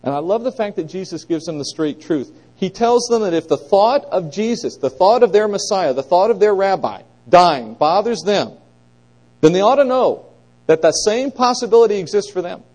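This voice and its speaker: A middle-aged man teaching a conversational Bible lesson, asking his listeners questions and pressing points with animated emphasis. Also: sits high, moderate pace, rough recording.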